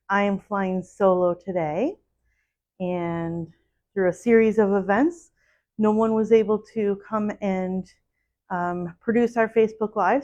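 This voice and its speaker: A woman's voice: mid-range voice, darkish tone. A woman talks casually through a solo live stream from her quilt shop, greeting viewers one by one. Her voice sits mid-range. The audio is dull and lo-fi. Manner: chatty, greets viewers by name. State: a little out of breath. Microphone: solo live stream setup.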